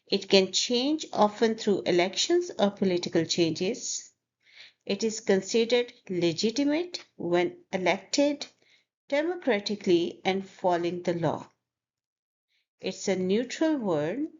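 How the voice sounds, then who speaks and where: Slow, deliberate woman teaching pronunciation. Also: medium pitch, highs cut off. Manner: over-articulates words, repeating them for learners.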